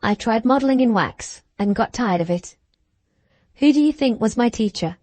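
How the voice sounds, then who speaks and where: A woman's voice: a little high, lively intonation, normal speed, darkish tone, no room sound. A woman reading the part of a spiteful, gushing young woman with a scornful, mocking manner, in an audiobook.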